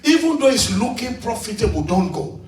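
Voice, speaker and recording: High-voiced pastor preaching. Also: male voice, big pitch swings, a little fast, faint music behind. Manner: preaching, swings from quiet storytelling to shouted calls. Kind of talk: sermon with storytelling. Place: church hall, in front of a congregation. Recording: echoey church hall from far off.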